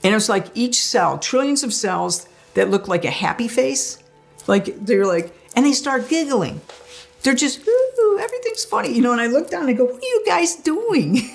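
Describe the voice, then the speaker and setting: A woman recounting her near-death experience, an animated storyteller who acts out the voices she heard. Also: on the high side, moderate pace, gravelly, faint music behind. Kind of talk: personal testimony.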